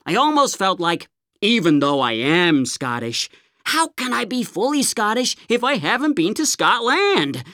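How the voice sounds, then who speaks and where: A woman's voice: medium pitch, fairly bright tone, dry recording, clean studio sound. A young woman playing a gushing, clueless tourist in a comedy sketch, chatty and full of "like". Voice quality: bubbly, chatty, filler "like".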